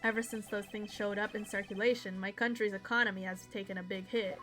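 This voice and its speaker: A woman's voice: mid-range voice, fairly even intonation, fairly quick, a bit bright, faint music behind, natural voice. Woman reading a stern, proud male agent. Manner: reading game dialogue aloud.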